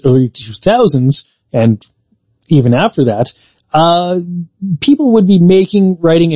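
A man co-hosts a casual podcast about games and movies, his voice sitting a little high. He talks in measured, explanatory sentences full of qualifiers. The sound is dry and close to the mic. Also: a little mellow, dry recording. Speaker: podcast co-host.

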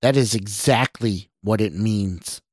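A man's voice: fairly low pitch, slow, a little mellow, dry recording. A man voicing a stern older male government official who speaks curtly and callously, in a story reading. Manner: curt, callous, growling. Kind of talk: audio drama reading.

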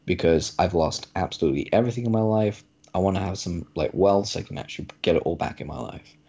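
Bitter destitute beggar voiced by a man, deep voice, muffled recording. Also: fast, mellow, breathy edge. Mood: pleading. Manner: pleading then resentful. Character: angry destitute poor man.

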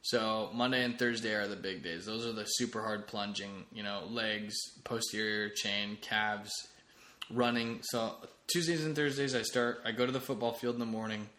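A man's voice: on the low side, fairly even intonation, normal speed, sharp tone. A man hosting a solo comedy podcast late at night, rambling casually with restarts. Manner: rambling, with frequent restarts and fillers. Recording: echoey room.

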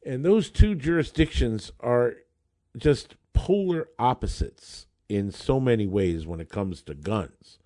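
A man who is a lawyer telling a case story in an animated, conversational way, acting out the dialogue. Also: medium pitch, slow pace. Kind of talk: storytelling monologue.

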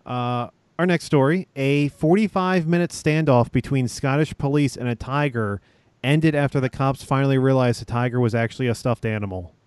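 A man hosting a casual podcast, reading out odd news stories with frequent pauses. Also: mid-range voice, darkish tone, smooth, dry recording. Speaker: news-story host.

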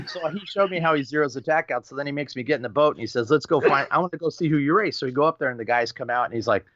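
A middle-aged man telling a racing story with lively energy, acting out quoted voices and swearing casually as a podcast guest. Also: fairly high pitch, racing, dry recording, muffled recording. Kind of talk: animated storytelling.

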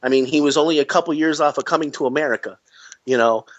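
A man co-hosting a casual movie chat, animated and complaining, repeating himself for emphasis. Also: fairly high pitch, quick pace. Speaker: podcast co-host. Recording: dull lo-fi recording.

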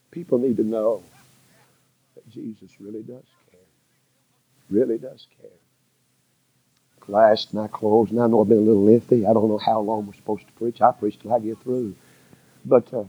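A middle-aged man with a Southern American accent tells a story from the pulpit in a husky, folksy voice. He repeats phrases and drops to a hush before pushing out loud emphasis. The sound is close and dry, a little dull and lo-fi. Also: fairly low pitch, steady tone, moderate pace, pauses often, dry recording. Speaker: preacher. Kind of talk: storytelling sermon. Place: church sanctuary.

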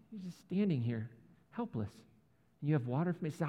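A man preaching a sermon as pastor, telling the story in a lively, casual way and acting out the voices in it. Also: high voice, fast talker, long pauses, husky, big-room sound.

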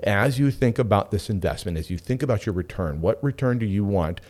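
A man's voice: lowish voice, a little fast, a little hiss or hum. A middle-aged man hosting a radio show, talking casually and telling stories with frequent asides. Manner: animated, chatty storyteller with frequent asides. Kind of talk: casual talk radio monologue.

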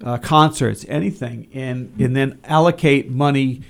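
A man's voice: medium pitch, a little slow, vocal fry. A man on a local radio talk show, a cultural council member who rambles with many restarts and jokes.

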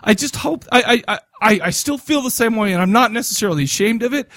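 High-pitched guy rambling on a podcast, stammers and restarts a lot, dry close sound. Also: animated, fast, fairly bright tone, no room sound. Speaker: podcast co-host. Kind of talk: profane casual chat.

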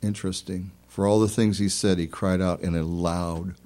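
A man's voice: sits low, fairly even intonation, moderate pace, hardly any pauses, mellow. A man leading an earnest spoken prayer in a sermon, building to fervent declarations. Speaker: pastor.

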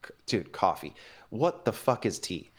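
A man's voice: lowish voice, moderate pace, breathy edge. A man talking as a podcast guest in casual chat, with lots of inflection and plenty of fillers. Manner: animated, inflected delivery with many fillers.

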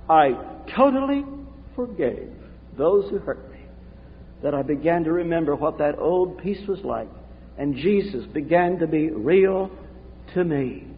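A pastor delivers an earnest, confessional sermon, his fairly high voice rising and falling widely. He speaks slowly and pauses for effect. The sound is thin and phone-like, with a long reverb from the sanctuary. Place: church sanctuary. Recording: tinny, echoey hall recording.

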